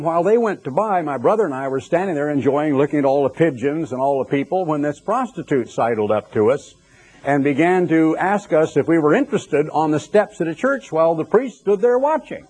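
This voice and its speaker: A man's voice: fairly high pitch, a little mellow, slightly rough. A middle-aged man preaching a sermon, telling stories with conversational asides to the congregation.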